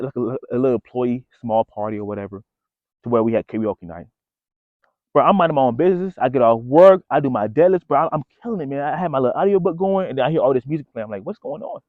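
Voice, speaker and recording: A man's voice: medium pitch, no room sound. A man vlogging casually to his viewers, telling a story in a loose, slangy way and calling them bro and folks. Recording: dry phone-like audio.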